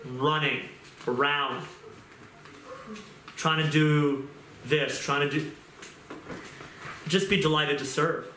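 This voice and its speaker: A middle-aged male pastor preaching an impassioned sermon, moving from quiet talk to shouting. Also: a little high, slight background noise. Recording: roomy echo.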